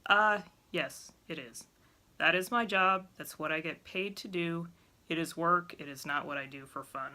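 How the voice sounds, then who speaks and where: A woman's voice: lowish voice, normal speed, sharp tone. A woman talking bluntly and with exasperation to camera in a casual vlog. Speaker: vlogger.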